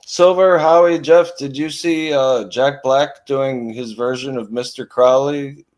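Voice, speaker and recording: Man, mid-pitched voice, jokey, teasing, casual banter. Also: fairly even intonation, a little slow, darkish tone. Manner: jokey, ribbing others. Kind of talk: casual chat.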